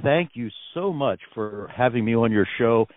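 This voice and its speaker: A man's voice: medium pitch, animated, moderate pace, no echo. American man on a tinny phone line. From United States. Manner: effusive and gracious, with many fillers. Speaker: guest musician on a phone interview. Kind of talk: phone interview, casual storytelling.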